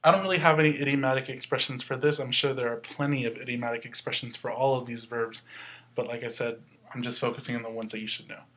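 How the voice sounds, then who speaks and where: A man teaching a Spanish lesson, explaining slowly and patiently with some fillers. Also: medium pitch, fairly even intonation, a bit bright. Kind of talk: recorded classroom lesson.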